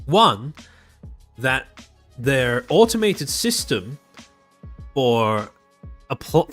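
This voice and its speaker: Sardonic Australian man, lively pitch. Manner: sardonic, rambling. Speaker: streamer host. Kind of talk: casual live-stream commentary.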